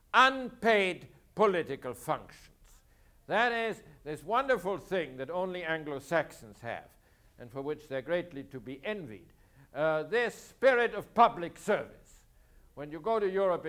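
A man with a high voice lectures on history to a class. He speaks emphatically, poses rhetorical questions and answers them himself, and repeats his key points to drive them home. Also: fairly bright tone.

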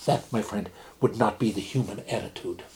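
Guy reading out an unbothered sea captain, gentle and measured, philosophizing in a storybook fable. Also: on the low side, natural voice. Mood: calm, philosophical. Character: calm philosophical male ship captain.

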